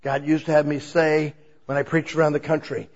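Husky-voiced animated male preacher. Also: fairly high pitch, fairly quick. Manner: animated, acts out prayers and God's replies in shifting tones. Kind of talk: sermon. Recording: dull lo-fi recording.

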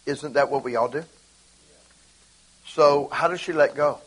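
A man preaching an informal sermon, animated and acting out conversations with God. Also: on the high side, a little slow, husky, low-quality recording.

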